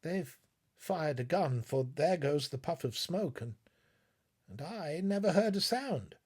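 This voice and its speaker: A man voicing a frightened, bewildered young male scientist in an audiobook, exclaiming in a husky voice. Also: on the high side, expressive, slow pace, pitched above the performer's own voice, heavily acted. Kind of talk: audiobook reading.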